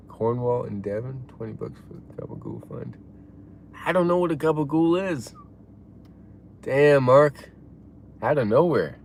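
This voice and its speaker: A man live-streaming and chatting casually, reading out chat messages in a laid-back way and reacting loudly to donations. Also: medium pitch, creaky, a little hiss or hum.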